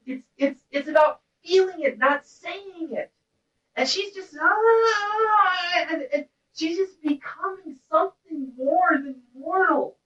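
A woman's voice: high-pitched, measured pace, fairly bright tone. A woman teaching a class in an intense, blunt way, breaking now and then into wordless vocal cries. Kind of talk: impassioned lecture to a class. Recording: roomy, distant, dull-sounding recording.

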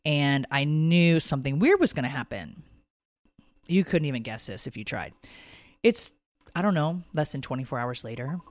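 A middle-aged woman tells a rambling story as a podcast host, her pitch leaping up and down as she acts out what others said. The sound is dry and close, and she swears casually. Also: moderate pace, no room sound. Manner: animated, profane, acts out quotes in a high voice.

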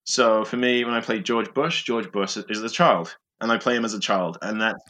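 A man's voice: lowish voice, moderate pace, pushed and bright. A male improviser explaining how he builds celebrity impressions, talking casually and thoughtfully with many fillers. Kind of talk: casual interview talk.

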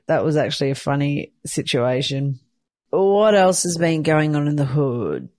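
A woman's voice: low-pitched, sing-song, a little slow, a little mellow, dry recording. A sleep-deprived new mother talking candidly in a casual weekly chat, swearing lightly and laughing often. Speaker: weekly vlogger, new mother of twin boys.

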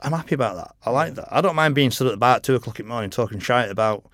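Expressive, rapid-fire, and a bit bright, this mid-range male voice belongs to a middle-aged motorcycle racer on a podcast. In a casual interview chat he tells rambling stories, curses freely, and laughs often, recorded in studio quality with no room sound.

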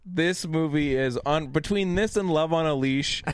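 A man's voice: a little high, a little slow, a little hiss or hum. A man on a podcast, chatting casually and swearing as he laughs his way through a review of a bad movie. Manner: animated, swearing, laughing often. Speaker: podcast co-host.

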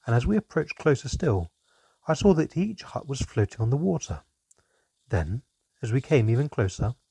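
A man narrating a fantasy storybook in an expressive, measured way. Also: mid-range voice, breathy edge, dry recording.

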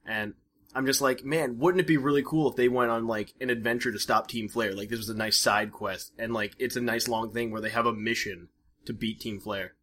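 A man's voice: mid-range voice, fairly even intonation, fairly quick, a bit bright. A man co-hosting a casual podcast, rambling with lots of fillers and restarts. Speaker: podcast co-host.

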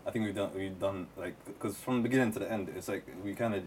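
A man's voice: sits low, fast talker, darkish tone. A man hosting a casual book podcast, talking loosely with restarts and fillers. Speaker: podcast host. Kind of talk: casual chat. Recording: distant mic with faint noise.

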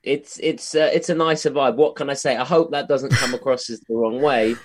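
A man's voice: medium pitch, brisk. London man joking around on a call. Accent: London English. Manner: joking, self-aware, laughs often, animated asides. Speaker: comedian guest. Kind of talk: casual interview chat. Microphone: online video call.

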